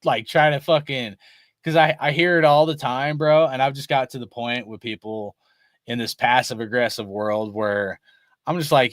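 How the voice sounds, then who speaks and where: Young male host, loose profane rambler; bright, dry close sound. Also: mid-range voice, normal speed, no room sound. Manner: profane, rambling, laughs often, says bro and dude. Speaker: sports fan show host. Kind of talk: casual rant to viewers.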